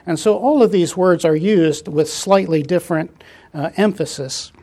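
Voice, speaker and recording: Man leading a Bible study, slightly high voice. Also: normal speed, warm tone. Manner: explanatory, reads scripture aloud, frequent "uh" fillers.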